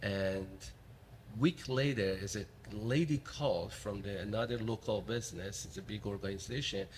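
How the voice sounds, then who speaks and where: A man from the Middle East with a Middle Eastern accent, hosting an interview and telling a story in an earnest, halting way. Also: lowish voice, slight background noise. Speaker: podcast host. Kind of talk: casual interview chat.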